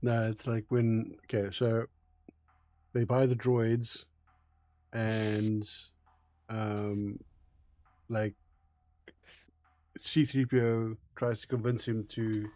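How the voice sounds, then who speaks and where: A man's voice: on the low side, little pitch movement, warm tone, dry recording. A man joking and rambling in casual chat while streaming a game. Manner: slow, rambling, joking commentary.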